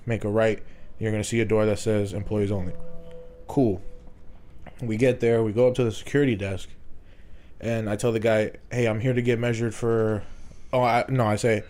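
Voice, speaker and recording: A young man casually telling a story to friends on a podcast, swearing and laughing often. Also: fairly low pitch. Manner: swearing, laughing, animated retelling. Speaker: podcast host.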